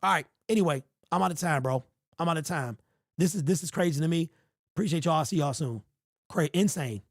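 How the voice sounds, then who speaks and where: A man's voice: a little high, brisk, no room sound. A man hosting a livestream sports show, ranting in a heated, exasperated way and repeating himself, his voice sounding strained. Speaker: sports podcast host.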